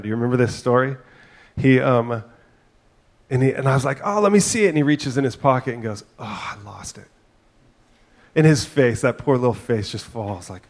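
A middle-aged man delivers a sermon as a pastor, speaking at an ordinary mid pitch. He talks conversationally, weaving in personal stories and frequent asides to the congregation. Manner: conversational, storytelling with asides and filler "right?".

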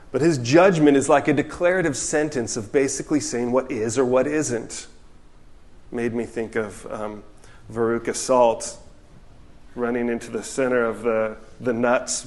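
Earnest male pastor preaching reflectively. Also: medium pitch. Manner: earnest, reflective, reads quotes aloud, drops to soft asides. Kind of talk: sermon.

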